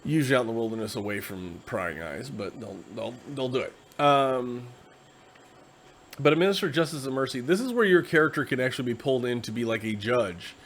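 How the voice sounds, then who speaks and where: A tired man hosting a casual, rambling explanation of a tabletop game class, slipping into quick acted asides. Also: medium pitch, animated, a bit bright, a little hiss or hum. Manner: conversational, acts out quick quoted asides. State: tired, yawning.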